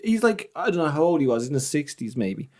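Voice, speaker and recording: An Irish man, a comedian, telling anecdotes in a casual chat, animated and swearing freely. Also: a little high, fast talker. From Ireland. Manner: animated storyteller, swears freely, acts out voices in his anecdotes. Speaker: comedian guest.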